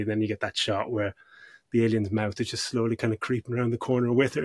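Husky-voiced man chatting about films. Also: on the low side, fast talker, no echo. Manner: animated, swearing, acts out scenes. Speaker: podcast co-host. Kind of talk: casual film discussion.

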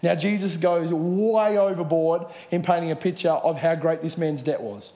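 A man delivers an earnest sermon from the stage, his fairly high voice ringing through an echoey hall. He works through scripture verse by verse. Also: moderate pace, dark tone. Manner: earnest preaching with Bible readings. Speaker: pastor. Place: church hall with audience.

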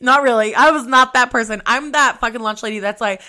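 A young adult woman hosting a podcast, telling a personal story in a candid, profane, animated way. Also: on the high side, a little fast, hardly any pauses. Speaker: podcast host.

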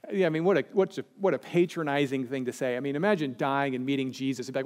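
A male pastor preaching a sermon, animated, dropping to slow and hushed when he quotes scripture. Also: mid-range voice.

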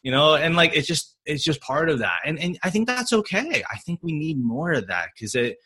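A man's voice: on the high side, slightly rough. A man in his thirties, a physical therapist speaking English as a non-native language, chatting casually on a podcast with lots of fillers, restarts and laughter. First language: not English. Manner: animated, many fillers and restarts, quick to laugh.

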